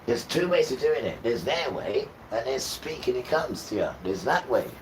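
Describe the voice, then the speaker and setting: A man hosting a livestream and talking informally about scripture, rambling and swinging between quiet mutters and loud outbursts. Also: mid-range voice, normal speed. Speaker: livestream host. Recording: distant mic with steady background noise.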